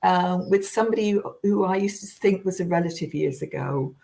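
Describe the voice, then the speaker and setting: Lady medium, kinda low voice, chatty and rambly. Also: a little fast, creaky, mellow. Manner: chatty storyteller with frequent fillers. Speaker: spiritualist medium guest. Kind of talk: casual chat.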